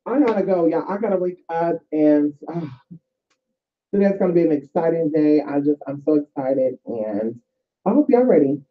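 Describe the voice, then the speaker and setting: The sound is tinny and phone-like as a woman shares casual spiritual advice and stories in a vlog on spiritual practice. Her voice sits low and is expressive at a moderate pace, and she's chatty and profane, addressing viewers as "y'all."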